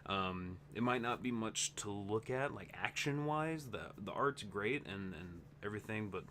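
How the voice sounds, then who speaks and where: A man with a fairly low voice hosts a casual update vlog for his gaming channel. He sounds tired and rambles, often breaking off and restarting his thoughts. A faint hum sits under the recording. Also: expressive, unhurried, a bit bright. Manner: rambling, self-interrupting, chatty.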